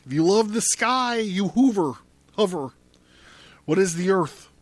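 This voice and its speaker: A man's voice: high voice, animated, measured pace, dry recording, pitched above the performer's own voice. A man voicing a cryptic white bird that speaks in riddles in a storybook reading. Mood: riddling.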